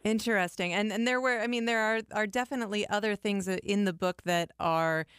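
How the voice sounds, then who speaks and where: Woman, radio host, call-in book talk, crisp clear voice, brisk manner. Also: mid-range voice, fairly bright tone, dry recording, studio quality. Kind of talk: hosting a call-in book discussion.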